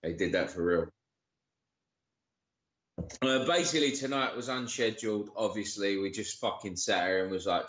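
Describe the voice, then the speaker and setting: A man's voice: lowish voice, normal speed, pauses often, fairly bright tone. A man hosting a casual live stream. He swears a lot and greets viewers by name with slang like geezer and bruv. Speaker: livestream co-host. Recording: dull lo-fi live-stream audio.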